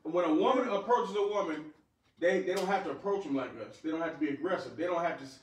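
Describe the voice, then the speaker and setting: An insistent man pushes the same point over and over in a heated podcast argument. His voice is high and quick. It comes from a distance in a roomy space. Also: very noisy. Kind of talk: casual debate. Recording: roomy sound from a distant mic.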